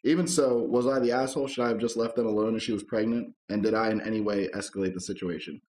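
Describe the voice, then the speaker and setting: A man co-hosting a casual podcast, reading online posts aloud and chatting, laid-back and quick to chuckle and swear. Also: lowish voice, steady tone, a little mellow, a little hiss or hum. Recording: echoey room.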